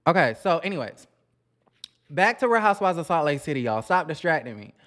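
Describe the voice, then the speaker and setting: A man's voice: fairly high pitch, very animated, a little fast, a bit bright. A man hosting a casual commentary vlog on reality TV, sassy and chatty, talking straight to his viewers and calling them honey.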